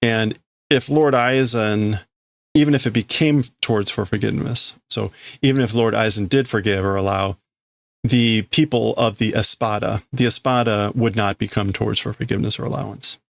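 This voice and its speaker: A man's voice: on the low side, fairly even intonation, moderate pace, creaky, fairly bright tone, dry recording. Hesitant man thinking aloud. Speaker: streamer learning Japanese. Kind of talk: casual reading and translating aloud.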